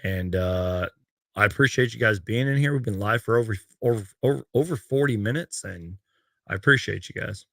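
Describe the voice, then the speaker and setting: A man's voice: lowish voice, brisk, vocal fry, fairly bright tone, dry recording, clean studio sound. A man hosting a casual sports livestream, reading out game stats and viewer comments in a loose, rambling way. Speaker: sports fan livestream host. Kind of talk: casual live-stream chat.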